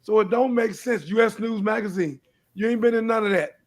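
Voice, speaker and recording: Impassioned high gravelly older man. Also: brisk. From Houston, Texas. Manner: impassioned, repetitive, rising to pleading questions. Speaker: live show host. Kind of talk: preachy live-stream talk.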